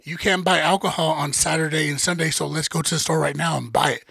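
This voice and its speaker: A man hosting a podcast, telling a travel story in an animated, profane, casual way into a podcast microphone. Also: fairly high pitch, fast, vocal fry, breathy edge, dry recording. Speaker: podcast host.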